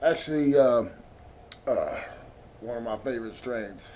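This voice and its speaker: A man's voice: mid-range voice, unhurried, dark tone, a little hiss or hum. A man hosting his own vlog, telling a rambling, profane story in a laid-back way. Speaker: vlog host.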